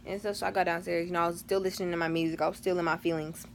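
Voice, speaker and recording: A woman's voice: on the low side, little pitch movement, racing, creaky, slight background noise. A teenage girl telling a storytime vlog in a chatty, dramatic way, full of slang and fillers. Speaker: vlogger.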